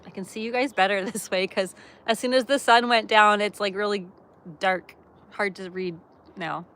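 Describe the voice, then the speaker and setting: A woman's voice: mid-range voice, steady tone, moderate pace, fairly bright tone. Woman live chatting from her camper van, laid back and laughing a lot. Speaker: livestream host. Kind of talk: casual livestream chat. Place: camper van by a wood stove.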